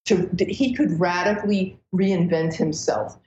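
A woman astrologer as a podcast guest, telling stories in an animated, breathless way with many restarts. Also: fairly low pitch, measured pace, a little hiss or hum. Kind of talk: casual podcast interview. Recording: roomy, dull lo-fi sound.

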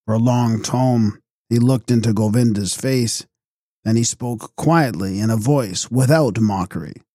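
A man narrating a novel as an audiobook in a calm, measured way. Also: medium pitch, no room sound, studio quality. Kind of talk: audiobook reading.

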